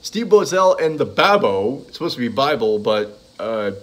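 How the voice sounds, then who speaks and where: A man of ordinary pitch talks casually through a list of comedy tracks. He rambles, trips over titles and fills gaps with ums and uhs. He chuckles now and then as he goes. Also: sing-song, moderate pace. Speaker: fan reviewing comedy CDs. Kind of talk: casual monologue listing tracks.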